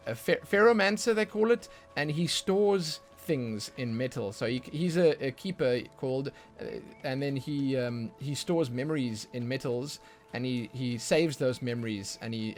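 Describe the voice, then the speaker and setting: A man streaming a game and chatting casually with his viewers, his talk rambling and full of stumbles and repeated words. He lurches into sudden excited bursts, while faint music plays underneath. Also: mid-range voice. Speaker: livestreaming gamer. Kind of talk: casual livestream chat.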